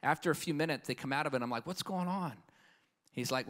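A male evangelist delivers a live sermon at a conference. His voice sits a little high, and he preaches with emphatic, storytelling energy, often pausing for an amen. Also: a bit bright. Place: conference hall with live audience.

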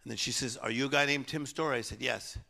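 With a steady, gravelly voice at a quick pace, a preacher alternates between forceful exhortation and quiet storytelling. Soft piano plays behind his sermon.

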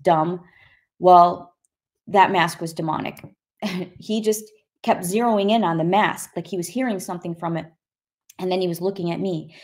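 Woman telling her story, animated and conversational. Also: medium pitch. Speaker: guest sharing her testimony. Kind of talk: personal testimony, conversational storytelling.

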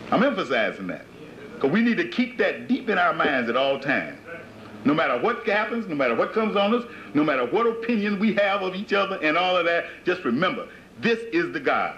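A bright, forceful man preaches to followers in emphatic, repeated phrases and keeps asking them questions. His high voice swings up and down across a wide range. The sound is a dull, lo-fi 1980s tape with faint hiss underneath. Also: very animated, a little fast. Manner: emphatic, repetitive rhetorical questions. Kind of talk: sermon-like lecture to followers.

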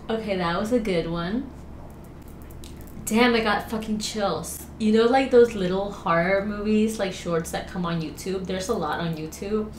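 A woman hosting a reaction video from home, talking casually, jumpy and excitable, swearing often. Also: medium pitch, unhurried, reverberant, a little hiss or hum.

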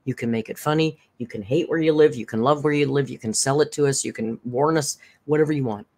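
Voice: mid-range voice, fast talker, a little mellow. A tired live-stream host chatting casually, thanking viewers and reading their messages aloud. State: tired, worn down by caregiving.

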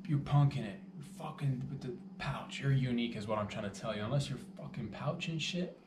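A man delivers a loose, joking monologue as host of his own show, rambling from one bit to the next and swearing as he goes. He sits back from the mic in an echoey room, and a steady hiss of background noise runs under his voice. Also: medium pitch, brisk, recorded from a distance. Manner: rambling, playful, self-mocking, swears freely. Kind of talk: casual comedic monologue.

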